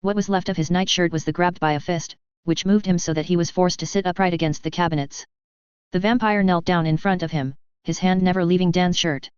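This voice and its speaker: A narrator reading action fiction aloud in a steady, even storytelling manner, on a slightly dull recording. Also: medium pitch, fairly quick, clear, resonant tone, dry recording.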